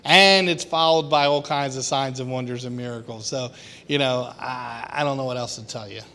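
A man's voice: medium pitch, moderate pace, gravelly, pushed and bright. A man preaching an informal sermon to a small group, conversational and laughing, acting out quoted voices. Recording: long hall reverb.

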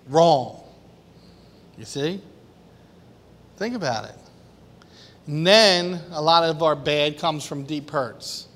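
A man's voice: fairly high pitch, fairly bright tone. A man preaching an informal sermon to a small group, conversational and laughing, acting out quoted voices. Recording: long hall reverb.

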